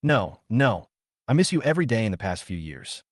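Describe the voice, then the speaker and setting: A man's voice: mid-range voice, big pitch swings, moderate pace, dry recording, clean studio sound. A man voicing a tearful young woman pleading with her former fiancé.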